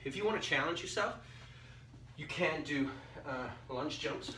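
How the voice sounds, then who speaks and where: A man's voice: a little high, expressive, a little slow. A man teaching phys ed, demonstrating exercises and counting reps aloud while out of breath. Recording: roomy echo, distant mic, faint background noise.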